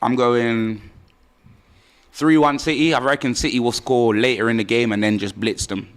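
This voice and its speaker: A man's voice: mid-range voice, moderate pace. A man giving slangy, playful commentary as a guest on a live football watchalong. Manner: slangy, animated, playful boasting. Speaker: guest pundit. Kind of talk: casual live watchalong banter.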